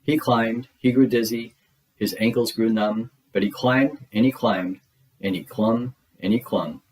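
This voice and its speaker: A man reads a children's rhyming story aloud, leaning into the bounce of each couplet. His voice is on the low side and unhurried in its rhythm. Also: a little mellow, rough recording.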